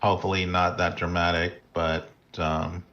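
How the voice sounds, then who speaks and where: A man co-commentating a virtual race in a flat, dry way, swearing casually. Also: sits low, moderate pace, muffled recording.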